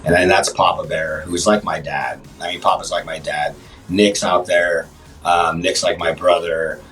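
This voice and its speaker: A man talking as a guest on a livestream chat show, speaking haltingly with many restarts and fillers. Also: low voice, steady tone, fairly bright tone, recorded from a distance, faint music behind, rough recording. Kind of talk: casual interview chat.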